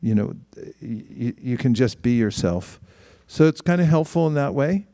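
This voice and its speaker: Man giving a relaxed conversational spiritual talk. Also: mid-range voice, dry recording, studio quality. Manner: conversational, halting with restarts.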